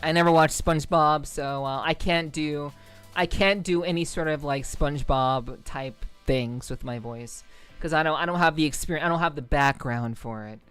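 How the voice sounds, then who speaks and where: A woman from the New York City area talks loosely to her livestream chat, wandering from thought to thought and swearing freely. Her voice is smooth and clear, broken up by frequent ums and quick laughs. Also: low-pitched, fairly bright tone, faint music behind. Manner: rambling, profane, full of ums and laughs. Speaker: streamer. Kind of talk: casual livestream chat with viewers.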